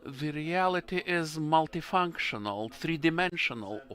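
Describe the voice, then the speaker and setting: A man speaks as a panelist, earnest and openly emotional. He takes his time, pausing to find each English word. His voice sits a little high and sounds bright and forceful. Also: expressive. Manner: halting, earnest, emotional, searching for English words. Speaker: forum panelist. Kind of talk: panel discussion answer.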